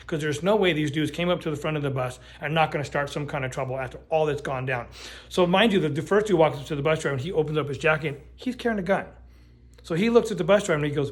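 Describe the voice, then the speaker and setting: Brief: middle-aged guy, slightly high voice, rambling storytime full of swearing and false starts. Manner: animated, profane, lots of restarts and fillers. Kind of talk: casual true-crime storytime.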